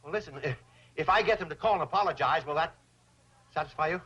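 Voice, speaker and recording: Groveling, theatrical banker. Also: male voice, a little high, fast talker, sharp tone, husky. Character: fawning, money-hungry middle-aged banker. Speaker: bank president. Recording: dull old TV soundtrack with hiss.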